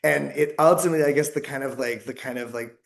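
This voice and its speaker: A man's voice: medium pitch, fast talker, vocal fry. A man from the United States, a podcast guest in casual conversation, talking in a rambling, reflective way with many fillers and restarts.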